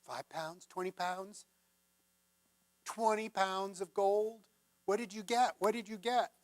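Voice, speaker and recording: Brief: male minister doing a struggling single mom, scolding and insistent, slow delivery. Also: medium pitch, fairly bright tone, dry recording. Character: poor single mother, stern and exasperated.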